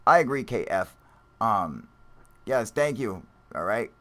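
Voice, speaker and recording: Swearing, laughing man with a low voice. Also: big pitch swings, takes it slowly, bright, forceful tone. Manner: profane, rambling, laughs often. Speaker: live stream host. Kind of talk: casual live stream chat reading viewer comments.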